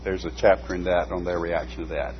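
A man reading a book aloud at a measured pace, stopping now and then for short asides. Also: deep voice, level tone. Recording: dull lo-fi recording with faint hum.

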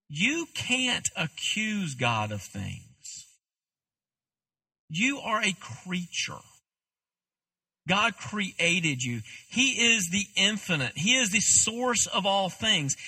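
A man's voice: high voice, pushed and bright, husky. A man, a pastor, preaching a sermon in a candid, conversational way with self-deprecating asides.

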